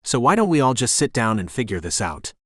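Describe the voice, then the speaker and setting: A man's voice: medium pitch, very animated, brisk, fairly bright tone, dry recording, studio quality. A man voicing a blunt young woman who keeps the peace in a bossy, exasperated, no-nonsense way, read from an audiobook.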